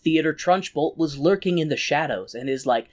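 A man co-hosting a podcast, recapping a story in a casual comedic way with a slightly raspy throat, swearing freely and slipping into quick put-on voices. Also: fairly high pitch. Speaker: podcast co-host.

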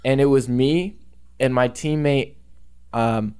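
A man's voice: mid-range voice, slow, a little mellow, clear, resonant tone. A young man co-hosting a podcast, telling a rambling, laid-back story with frequent laughs. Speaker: podcast co-host. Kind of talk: casual chat, storytelling.

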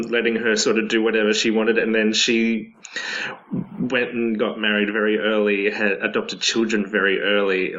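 A man's voice: on the low side, a bit bright, poor audio. A man, wry and opinionated, chatting casually about films on a podcast. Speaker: podcast co-host. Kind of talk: casual film chat.

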